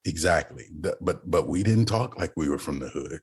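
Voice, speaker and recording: A man's voice: extremely low pitch, lively intonation, moderate pace, breathy edge. A man co-hosting a podcast in casual chat, playful and laughing often, from the Southern United States. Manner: laughs often, playful, breaks into silly voices and sound effects. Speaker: podcast co-host.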